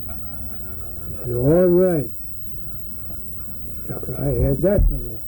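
A man's voice: medium pitch, drawn-out words, dark tone, a little hiss or hum, low-quality recording. An older man, telling folksy stories in a rambling way for an oral history interview. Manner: rambling, folksy, acts out voices in his stories.

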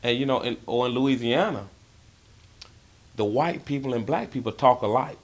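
A man's voice: mid-range voice, moderate pace. A man, talking casually in an interview and rambling with lots of "you know" fillers. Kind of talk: casual interview about dialect.

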